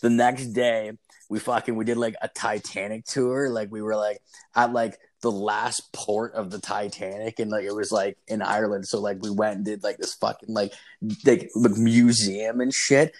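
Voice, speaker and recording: A man's voice: lowish voice, flat delivery, normal speed. A young man telling a rambling, profanity-filled story in casual chat, full of "like" fillers.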